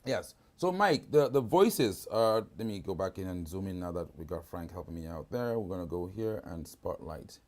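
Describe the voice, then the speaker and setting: A man's voice: low-pitched, animated, moderate pace, few pauses, a little mellow. Man giving a casual live video-call demo. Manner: casual, keeps asking "right?". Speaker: product demonstrator.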